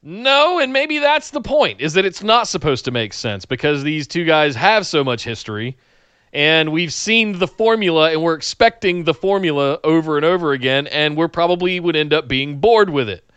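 Bright, lively blunt-talking man. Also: a little high, normal speed, clear, resonant tone, no room sound, muffled recording. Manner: blunt, opinionated. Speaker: podcast co-host. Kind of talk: casual wrestling podcast chat.

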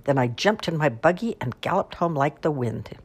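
A woman's voice: low voice, lively intonation, moderate pace, husky. A woman voicing a folksy old great-aunt. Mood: dramatic. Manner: folksy, emphatic storytelling. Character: spry elderly great-aunt spinning a tall tale.

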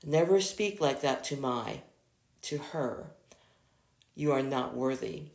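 A reader voicing a cold, possessive man who turns tender with his lover, in a creaky voice with no real change from the narration. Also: mid-range voice, expressive, slow. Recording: echoey room.

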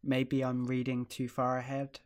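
A man's voice: medium pitch, monotone, measured pace. A man chatting casually about a TV show, thoughtful and hedging as he searches for words. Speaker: podcast co-host.

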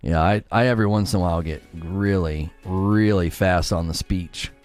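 A man plays a game on a live stream and talks at a normal pace, faint music in the background. Chatty and animated in pitch, he reads viewers' messages aloud and replies to them.

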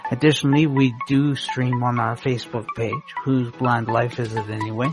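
A man reading a scripted show introduction in a measured, informational delivery. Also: medium pitch, flat delivery. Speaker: announcer introducing the host. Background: background music.

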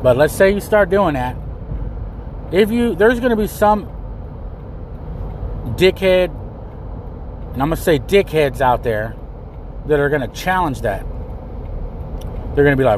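A man's voice: a little high, animated, moderate pace, pauses often, slight background noise. A man hosting his own podcast episode alone, talking bluntly and emphatically, repeating his points and swearing freely. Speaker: podcast host. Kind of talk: solo commentary.

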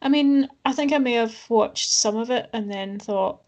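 A woman's voice: a little high, fairly even intonation, normal speed, few pauses, darkish tone. A woman in her forties co-hosting a podcast in an easygoing chat. She keeps her delivery dry and understated, letting the humour land without pushing it. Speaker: podcast co-host. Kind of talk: casual chat.

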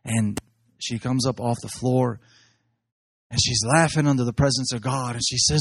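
A man preaching, telling excited stories from his services and often laughing as he talks. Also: mid-range voice, moderate pace, breathy edge, no room sound, clean studio sound. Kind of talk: animated sermon storytelling.

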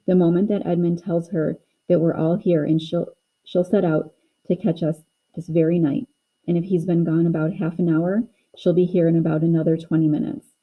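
A woman's voice: lowish voice, little pitch movement, phone-quality sound. A woman voicing Missus Beaver, a practical, motherly talking beaver who reasons things through. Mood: urgent. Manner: brisk, reasoning.

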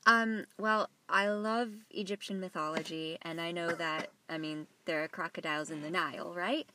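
A woman's voice: lowish voice, steady tone, moderate pace, noisy background. A woman co-hosting a casual podcast from inside a car, hesitant and thinking aloud as she answers. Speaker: podcast co-host. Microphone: phone held in hand.

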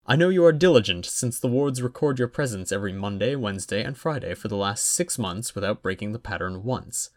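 Man reading as middle-aged lord, measured, deliberate, persuasive, lowish voice. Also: animated, a little mellow, lightly acted. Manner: measured, deliberate listing of reasons.

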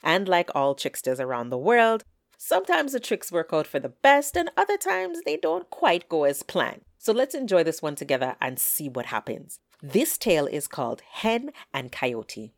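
A woman storyteller telling folktales aloud with an expressive, drawn-out delivery. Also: low-pitched, no echo, clean studio sound.

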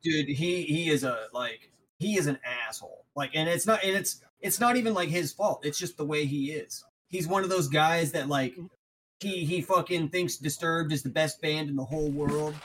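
A man, co-hosting a podcast, telling profane stories fast and with many restarts. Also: on the high side, fairly bright tone, a little hiss or hum, rough recording. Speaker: podcast co-host. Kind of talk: casual chat.

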